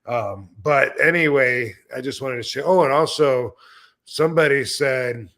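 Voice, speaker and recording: Male stream host, mid-pitched, talking loosely and bluntly with crude humor and lots of filler. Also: unhurried, fairly bright tone. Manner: rambling and blunt, with crude jokes and many fillers. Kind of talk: casual live-stream chat.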